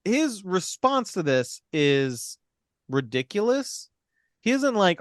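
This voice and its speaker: Animated man recapping a film. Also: sits high, takes it slowly, dry recording, clean studio sound. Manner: animated, profane, laughs often. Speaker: podcast co-host recapping a film. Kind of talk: casual retelling, acting out lines.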